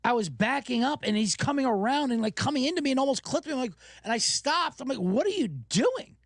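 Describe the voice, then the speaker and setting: A man hosting a podcast, telling stories in an animated, profane casual rant. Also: very high-pitched, quick pace, no room sound, clean studio sound. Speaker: podcast host.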